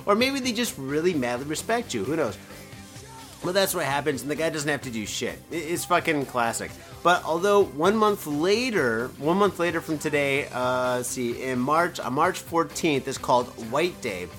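A man's voice: on the high side, moderate pace, faint music behind. A man hosting a casual solo podcast from home, rambling and swearing as he drinks, a bit tipsy. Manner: profane, rambling, animated. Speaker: podcast host. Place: home in Japan, indoors.

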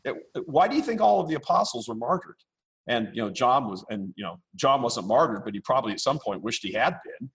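A man speaking as a podcast guest, blunt and forceful, repeating himself as he rambles. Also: medium pitch, animated, a little fast, husky. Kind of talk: casual interview.

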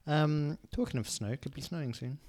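A man's voice: fairly high pitch, moderate pace, darkish tone. A man in his thirties co-hosting a podcast in casual chat, playful and teasing, throwing out random bits and sound effects. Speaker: podcast co-host.

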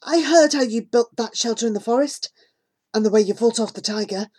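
A woman's voice: a little high, brisk, darkish tone, natural voice. A woman reading the part of a stubborn, loyal young boy who insists fiercely on coming along, in an audiobook. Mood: insistent.

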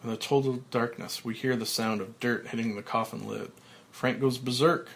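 A man, a podcast host, reading a script's stage directions aloud in a steady, matter-of-fact way, with small slips. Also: mid-range voice, normal speed, creaky.

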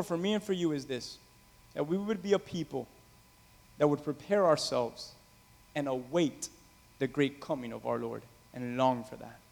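A man preaching a sermon as pastor, impassioned, swinging from loud calls to quiet asides. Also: a little high. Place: church sanctuary. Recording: reverberant hall.

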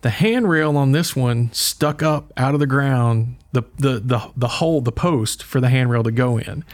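A man's voice: mid-range voice, normal speed. A man hosting a podcast, telling a story in casual chat and chuckling as he talks. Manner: animated storyteller, chuckles while talking. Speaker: podcast host.

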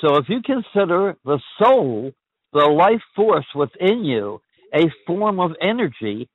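An older man hosts a call-in chat, pondering big questions aloud and tripping over his own restarts. His voice sits a little high and swings widely. It comes through dry and narrow, like a phone line. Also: sing-song, a little slow. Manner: ponderous, repeats and restarts phrases. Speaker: call-in show host.

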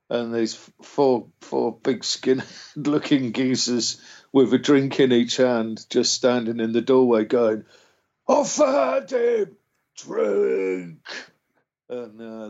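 A man's voice: medium pitch, steady tone, unhurried, darkish tone. A man, a musician guest casually telling a rambling story, swearing freely and acting out what people said. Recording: dull lo-fi sound.

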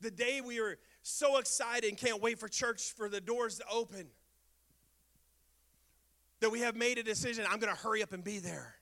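Speaking at a normal speed, a man delivers a sermon as pastor in a church. His refrains come back again and again with emphasis, and his volume alternates between loud outbursts and quiet, low passages.

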